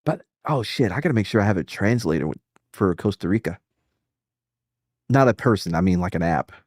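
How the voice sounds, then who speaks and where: A man's voice: low-pitched, animated, brisk, darkish tone, no room sound, studio quality. A man hosting a casual reaction chat, rambling and profane, laughing often and restarting his sentences. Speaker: streamer host.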